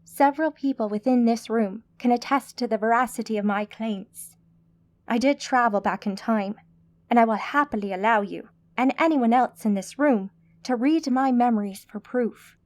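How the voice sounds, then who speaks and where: Woman doing a calm ancient woman mage, formal, patient, fairly high voice. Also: normal speed, natural voice. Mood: composed. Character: calm, composed centuries-old woman mage.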